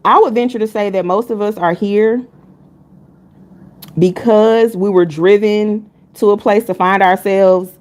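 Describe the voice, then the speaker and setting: A woman's voice: mid-range voice, fairly even intonation, measured pace, a little mellow. A woman reading tarot on a live stream, talking casually and bluntly. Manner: candid and blunt, chatting with chat between readings.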